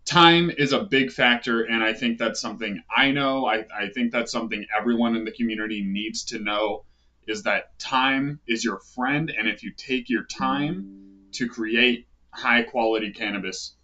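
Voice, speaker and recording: A man hosting a casual livestream, talking in a relaxed, rambling way with plenty of fillers and side remarks. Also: mid-range voice, normal speed. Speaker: livestream host. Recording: dull lo-fi stream audio.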